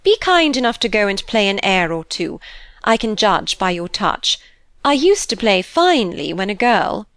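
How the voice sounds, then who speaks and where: A woman's voice: mid-range voice, sing-song, normal speed, a bit bright, no room sound. A woman voicing a fussy, inquisitive older lady of the manor in a storybook reading. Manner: doting, fussy.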